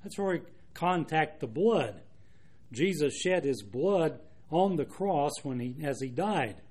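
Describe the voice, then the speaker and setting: A man preaching an expository Bible sermon in an earnest, measured way, reading out verses and explaining them. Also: fairly high pitch, expressive, darkish tone, husky. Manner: earnest, measured, with frequent restarts and asides.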